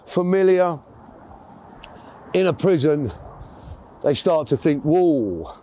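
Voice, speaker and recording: A man spins a long story as an interview guest, chatty and rambling, often stopping to correct himself. His voice sits slightly high for a man and sounds soft and mellow. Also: slow pace, a little hiss or hum. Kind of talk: casual storytelling.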